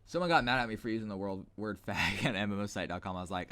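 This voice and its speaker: Fast-talking and barely pausing, a man with a fairly low pitch and fairly bright tone hosts a gaming video. He delivers blunt, sarcastic, rambling commentary into his desk mic as he plays, with no echo.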